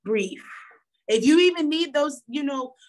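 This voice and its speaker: A woman's voice: a little high, normal speed, fairly bright tone. A young woman giving an earnest motivational talk with a preachy tone, repeating phrases for emphasis. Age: young adult. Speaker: guest speaker.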